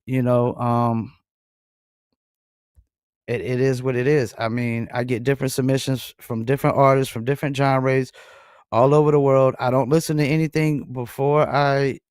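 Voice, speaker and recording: A man's voice: medium pitch, clear, resonant tone, no echo, clean studio sound. A man with a Southern US accent hosting a music review livestream, talking casually with a lot of fillers. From North Carolina. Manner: laid-back, rambling, frequent um and I mean. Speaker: music review show host.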